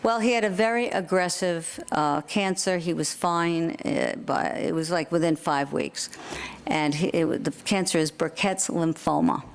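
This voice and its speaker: A woman's voice: on the low side, moderate pace, creaky, clean tone. An older woman from Queens with a New York accent, giving a comedic keynote speech, wry and self-deprecating, building to punchlines. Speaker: keynote speaker. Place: convention hall stage.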